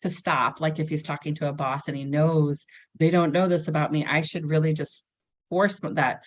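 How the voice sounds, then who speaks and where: A woman's voice: low voice, normal speed. A woman in her thirties, a family coach chatting casually and acting out her children's lines as she tells stories. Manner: animated storyteller, acts out her kids' lines. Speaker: guest, family dynamic coach. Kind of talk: casual chat.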